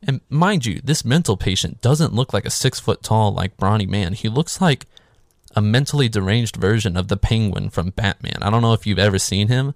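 A man's voice: fairly low pitch, normal speed, gravelly, no echo, clean studio sound. A man casually recapping a horror movie in a sarcastic, swearing, offhand way. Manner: sarcastic, swears freely, filler "like".

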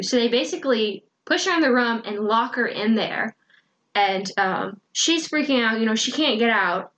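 A woman with a slightly high voice chats through a story recap on a podcast. She talks loosely, with plenty of fillers, and acts out the lines of the characters as she goes. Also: measured pace, a bit bright. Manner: chatty, dramatic retelling with filler words. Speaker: podcast co-host recapping a book. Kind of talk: casual chat.

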